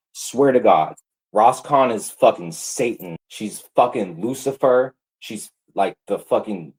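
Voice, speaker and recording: Over poor audio, a man rants angrily at his livestream viewers, heated, profane, and repetitive. His medium-pitched voice has a darkish tone and a breathy edge.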